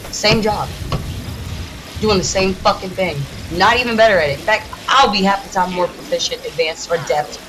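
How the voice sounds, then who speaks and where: A woman from the United States, a gaming streamer, ranting in a heated, profane, rapid-fire way while she plays. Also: lowish voice, background noise. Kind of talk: casual ranting during a livestream.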